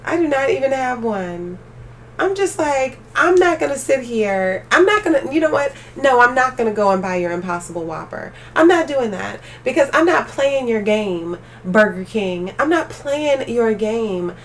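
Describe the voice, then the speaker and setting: A young woman live streaming, chatting casually with her viewers and ranting with animated energy. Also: a little high, normal speed, recorded from a distance, a little hiss or hum. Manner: animated ranting, talks straight to chat.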